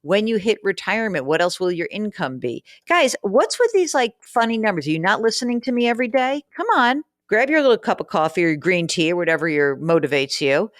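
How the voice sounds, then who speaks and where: A woman's voice: medium pitch, sing-song, fairly quick, hardly any pauses, dry recording, studio quality. A woman hosting a personal finance podcast, talking through listener letters in a frank, chatty, teasing way. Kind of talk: casual advice talk, reading listener letters.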